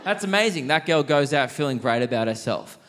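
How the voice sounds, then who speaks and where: A man's voice: on the high side, lively intonation, brisk, fairly bright tone. A young Australian man doing stand-up comedy in a theatre, rambling and self-mocking as he laughs at his own jokes. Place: large theatre on stage.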